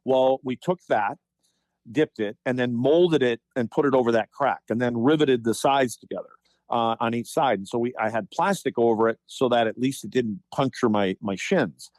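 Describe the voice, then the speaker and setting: A man in his fifties, a former hockey player, telling animated stories on a podcast with lots of restarts. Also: medium pitch, moderate pace, no room sound. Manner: animated anecdotes, frequent restarts and profanity in quotes. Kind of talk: casual storytelling chat.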